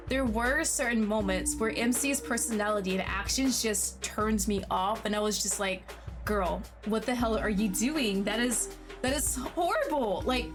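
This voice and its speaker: A woman streamer giving casual commentary on a visual novel she is playing, reacting with animated, exaggerated disbelief. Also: a little high.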